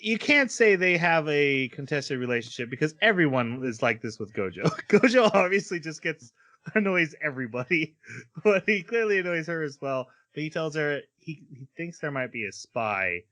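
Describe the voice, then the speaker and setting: Bright-sounding guy on an anime podcast, chatty, laughing a lot as he goes over the plot. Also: medium pitch. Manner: laughs often while recapping plot, acts out quotes. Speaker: podcast host. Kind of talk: casual anime discussion.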